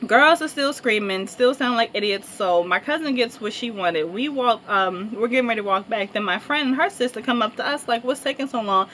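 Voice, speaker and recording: A woman's voice: fairly high pitch, expressive, a little fast, hardly any pauses, fairly bright tone, slight background noise. Chatty young woman telling a story. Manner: chatty, rambling, lots of fillers and laughter. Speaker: vlogger. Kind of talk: casual storytime vlog.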